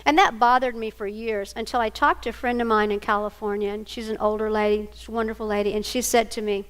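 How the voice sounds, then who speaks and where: A woman's voice: medium pitch, fairly even intonation, quick pace, fairly bright tone. An older woman giving a storytelling talk to single parents, homey and anecdotal, acting out family dialogue. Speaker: speaker at a single-parent ministry event.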